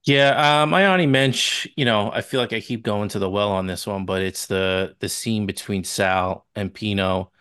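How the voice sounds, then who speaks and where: A man co-hosting a podcast, relaxed, talking about favorite film scenes and acting out the quoted lines. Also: on the low side, normal speed, hardly any pauses, clean tone, dry recording. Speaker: podcast co-host. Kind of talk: casual movie review chat.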